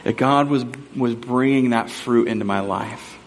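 A man's voice: medium pitch, unhurried, long reverb tail, slight background noise. A man in his thirties preaching a sermon, telling self-deprecating stories with humor as a pastor. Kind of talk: sermon with personal story.

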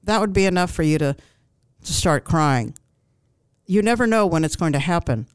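Gentle, reassuring woman with a smooth voice. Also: on the low side, expressive, normal speed, dry recording. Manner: gentle, reassuring, with frequent ums and restarts. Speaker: grief counselor guest. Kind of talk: calm advice in an interview.

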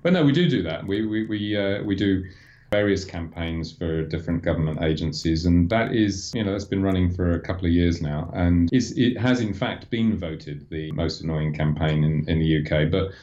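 A man, a guest from an advertising agency, explaining things after halting, stammering starts. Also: deep voice, darkish tone, lo-fi sound. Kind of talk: casual conversational interview.

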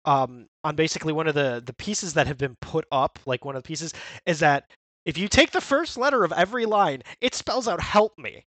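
A man with a bright, forceful voice chatting casually as a podcast co-host. He gets animated and slips into playful character voices when quoting scenes. The recording is close and dry. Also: on the high side, brisk, no echo. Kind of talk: casual chat.

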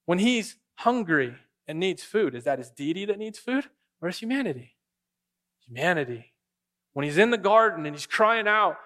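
A man's voice: high voice, very animated, normal speed, pushed and bright. A man preaching a sermon, asking the congregation questions and answering them himself. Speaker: pastor.

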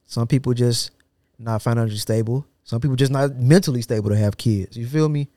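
A man's voice: medium pitch, a little fast, mellow, dry recording. A man co-hosting a casual podcast, joking and slangy, talking into a studio mic. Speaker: podcast co-host.

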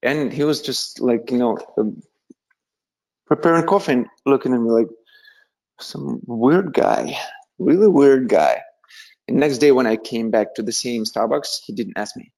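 A young Russian man with a Russian accent, a musician appearing as an interview guest, tells stories casually. His mid-range voice is a little slow, with vocal fry. He's animated, laughs often, and acts out the voices of people he quotes.

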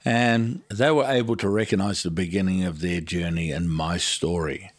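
A middle-aged man with a New Zealand accent, a guest in an interview, telling stories in a lively way and acting out the dialogue. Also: deep voice, normal speed, dry recording, studio quality. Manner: lively storyteller who acts out dialogue. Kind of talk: storytelling interview.

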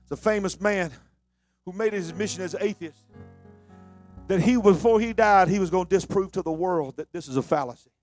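Man, preacher, sermon, shouted sung delivery, soft instrument behind. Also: a little fast, faint music behind. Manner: swings from low conversational talk to shouted, sung preaching.

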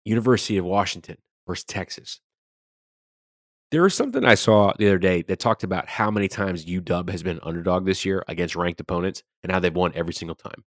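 A man's voice: low voice, quick pace, dry recording, clean studio sound. A man co-hosting a sports podcast, talking casually and animatedly, swearing freely as he rants about games. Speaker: podcast co-host.

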